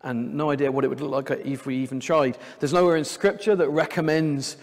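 Preacher with a slightly high voice in a reverberant church. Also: male voice, fairly even intonation, fairly quick. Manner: conversational, with light jokes. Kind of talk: sermon. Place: church sanctuary. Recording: long church hall reverb.

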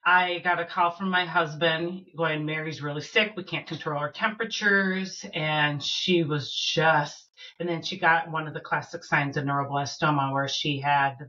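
A middle-aged woman from Minnesota telling a personal story as a podcast guest, earnest and halting with fillers and restarts. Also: deep voice, pushed and bright, lo-fi sound.

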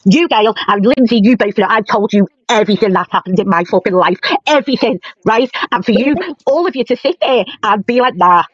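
A middle-aged woman in a heated livestream argument, shouting angrily, swearing heavily and defending herself over a video call. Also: a little high, brisk, hardly any pauses, no room sound. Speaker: livestream participant. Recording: dull lo-fi dry stream audio.

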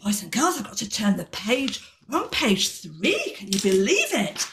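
A woman reading a storybook aloud to children in an animated, sing-song way, with gasps and sound effects. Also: medium pitch, moderate pace, roomy sound, far from the mic, background noise.

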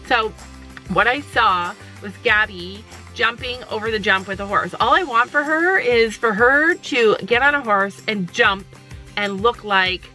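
A middle-aged woman and mother chatting excitedly in a casual vlog, full of likes and laughs. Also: on the high side, a little slow, soft background music. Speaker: vlogger mother. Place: outdoors at a horse barn.

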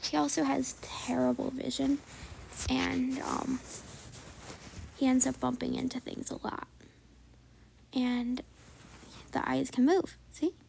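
High-voiced woman with heavy vocal fry, hesitant casual drawing narration, noisy home recording. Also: little pitch movement, takes it slowly, long pauses. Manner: hesitant, many fillers, often drops to a soft whisper. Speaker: drawing channel host.

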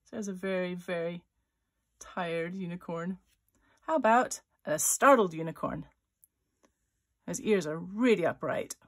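Gravelly-voiced woman teaching drawing. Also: fairly low pitch, a little slow, long pauses. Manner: thinks aloud while sketching, chatty and playful; voices little sound effects for her drawings. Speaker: author-illustrator leading a drawing workshop. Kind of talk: live drawing tutorial for children.

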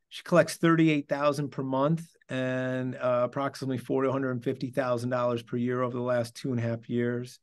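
A man giving a casual presentation as a trainer for a clinic device, hesitant with many fillers as he runs through figures. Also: mid-range voice.

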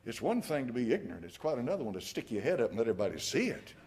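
A man's voice: mid-range voice, very animated, racing, darkish tone, slight background noise. A man preaching a sermon in a folksy, emphatic way, chuckling at his own jabs. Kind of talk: fiery evening sermon.

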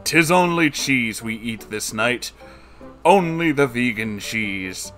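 A man putting on the voice of a mock-solemn, old-fashioned parent, speaking slowly and grandly. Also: medium pitch, animated, fairly bright tone, faint music behind. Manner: slow, grand and archaic.

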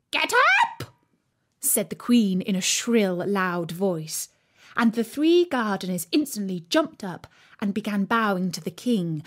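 Unhurried, animated storybook reader; clear, lively female narration. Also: medium pitch. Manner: expressive, acts out the characters. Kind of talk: slow storybook reading for learners.

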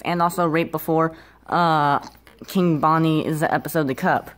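A woman's voice: on the low side, normal speed, slight background noise. A woman performing an improvised plush puppet skit, talking hesitantly with many filler words. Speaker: plush puppet show creator.

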